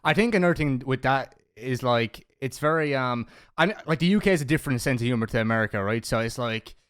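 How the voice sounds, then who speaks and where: A man's voice: mid-range voice, animated, fast talker, clear, resonant tone. An Irish man guesting on a podcast, chatty and teasing with crude jokes. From Ireland. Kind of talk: casual podcast chat.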